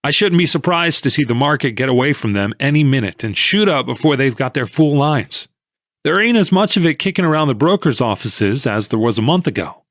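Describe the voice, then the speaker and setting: A man voicing an excited, pushy male stock tipster in an audiobook, insistent and raising his voice. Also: medium pitch, brisk, no room sound, clean studio sound. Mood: eager, insistent. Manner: insistent, eager, raised voice. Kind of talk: audiobook character reading.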